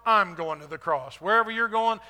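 A man's voice: high voice, brisk, bright, forceful tone, big-room sound. A man voicing a bold, loyal fisherman disciple who makes emphatic promises. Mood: boastful.

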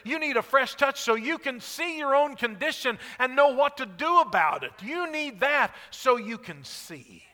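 A man preaching a sermon as a pastor, animated and acting out short dialogues. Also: extremely high pitch, moderate pace, hardly any pauses, in a large hall.

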